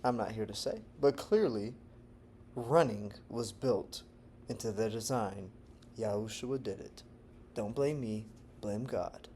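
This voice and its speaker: With slight background noise, a Texas-based language-learning vlogger talks slowly to the camera in an animated, rambling monologue. His volume jumps from loud bursts to low murmurs, and he laughs often.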